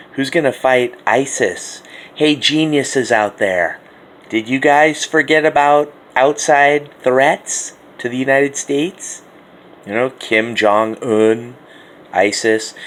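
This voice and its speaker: A man's voice: on the low side, fairly bright tone, slight background noise. A man hosting a talk radio show, delivering a profane, sarcastic political rant that taunts his listeners. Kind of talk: ranting political call-in monologue.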